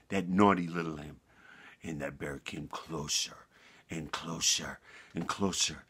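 A man telling a bedtime story for children, animated and homespun, talking straight to the listener. His voice is low and gravelly with a husky edge, and it swoops high and low all the way through. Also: normal speed. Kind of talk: bedtime story reading with a moral.

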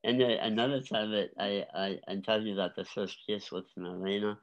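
Older male guest, seventies, low and gravelly, animated storyteller. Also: a little fast, highs cut off. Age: 70s. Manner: animated, laughing, acts out voices. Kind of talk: storytelling interview.

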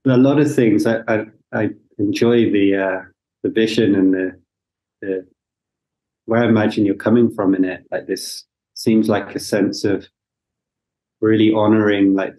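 A man's voice: lowish voice, warm tone, poor audio. A man who is a guest facilitator, reflecting thoughtfully in conversation and searching for words.

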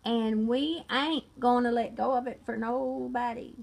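A woman's voice: fairly high pitch, steady tone, a little slow, gravelly, a little mellow. A woman in her sixties putting on a Southern US accent as a rambling rural woman who eats roadkill possum. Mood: folksy. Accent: Southern US, put on.

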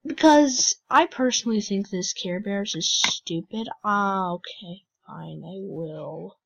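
Woman gamer host, unhurried, teasing chatter, lo-fi mic. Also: mid-range voice, creaky, breathy edge. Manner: chatty, teasing other players. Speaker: gaming channel host. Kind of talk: casual game commentary.

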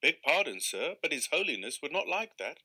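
A man voicing a polite, deadpan river keeper who answers curtly. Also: a little high, moderate pace, exaggerated voice, poor audio.

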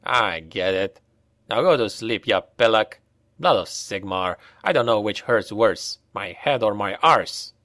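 A man voicing a weary, long-suffering male soldier in an audiobook, in a low, tired voice. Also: extremely slow, few pauses, sharp tone, dry recording, studio quality, heavily acted.

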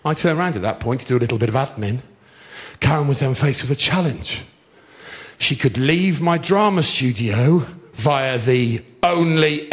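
Man, stand-up comedian, high voice, theatre stage, storytelling, shouting bursts. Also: very noisy. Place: large theatre stage, audience laughing.

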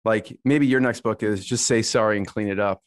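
A man hosting an interview show, wrapping up with friendly thanks and a slightly halting delivery. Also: lowish voice, fairly even intonation. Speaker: host. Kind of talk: interview sign-off.

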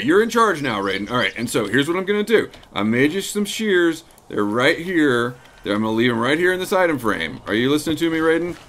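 A man casually commenting on his own gameplay as host, talking to his animals and breaking into excited shouts in big moments. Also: mid-range voice. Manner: chatty, talks to his pets, bursts into excited shouts.

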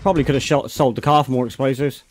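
A man's voice: mid-range voice, steady tone, racing, a little hiss or hum. A man with a Bristolian accent chatting casually while playing a survival game on stream, calling people mate. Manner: laid-back, chatty, says mate a lot. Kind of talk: casual gaming chat.

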